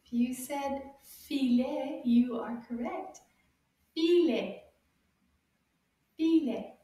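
A woman teaching children French words, encouraging them and repeating each word slowly with sound clues. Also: high-pitched, mellow, recorded from a distance. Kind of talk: slow, drawn-out teaching for kids. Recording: very echoey room, a bit off-mic.

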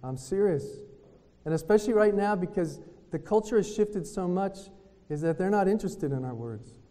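A man giving a retreat talk in a preaching style, telling lively stories and acting out what other people said. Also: high voice, moderate pace. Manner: lively storytelling that acts out other people's words. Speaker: retreat speaker. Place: hotel conference room. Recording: long reverb of a hotel meeting hall.

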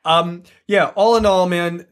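A man's voice: high-pitched, fairly even intonation, a little slow, clear, resonant tone. A man co-hosting a casual movie review podcast, talking enthusiastically and swearing freely.

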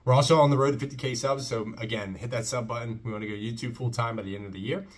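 A man's voice: mid-range voice, fairly even intonation, fast talker. A man hosting a casual faith-based music reaction, talking with enthusiasm and breaking into short preaching asides. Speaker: reaction channel host.

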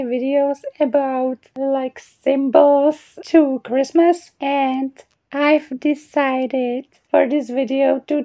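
A high-pitched woman speaking English as a learner, unhurried and chatty, with a self-deprecating laugh at the words she reads. The recording sounds dull and lo-fi. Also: dark tone. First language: not English. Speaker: video creator. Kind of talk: reading out a word list.

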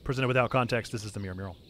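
A man's voice: medium pitch, expressive, quick pace, vocal fry, a bit bright, a little hiss or hum. A man hosting a livestream, chatting casually and reading aloud to his audience with self-mocking humor. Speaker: livestream host. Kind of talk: casual game stream chat. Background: game music.

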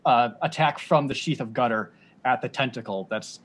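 A man playing a tabletop game, describing his character's moves in an excitable, rambling way full of fillers. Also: medium pitch, moderate pace, slightly rough. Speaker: player. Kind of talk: casual tabletop play.

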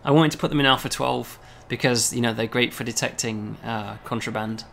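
A man, a game developer, casually explaining a game demo, often pausing on "um" and checking with "right?". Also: medium pitch, fairly even intonation, creaky, fairly bright tone, slight background noise.

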